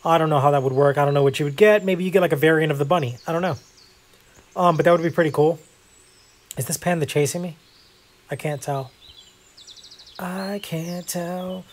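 A man's voice: fairly high pitch, fast talker, long pauses. A man hosting a casual gameplay video, chatting in a rambling, self-deprecating way with lots of fillers. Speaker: gaming video host.

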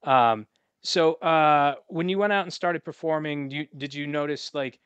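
A man hosts a podcast in a smooth, resonant voice, asking winding questions with many fillers and restarts. The sound is dry and close. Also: on the high side, a little slow, a bit bright, no room sound, dull audio. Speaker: podcast host. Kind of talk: interview questions.

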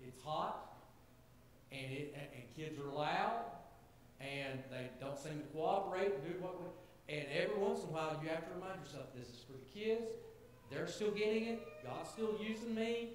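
A man's voice: a little high, moderate pace. A man preaching a sermon to his congregation in an earnest, conversational way, building to emphatic points. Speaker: pastor. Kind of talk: sermon to a church gathering. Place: church sanctuary. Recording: very echoey church hall, faint hiss.

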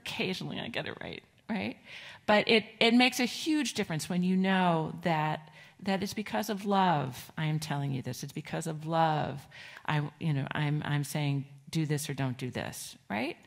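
A middle-aged woman pastor giving a children's sermon in a church, gentle and conversational, asking the children questions. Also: low voice, normal speed, creaky, hardly any pauses. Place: church sanctuary.

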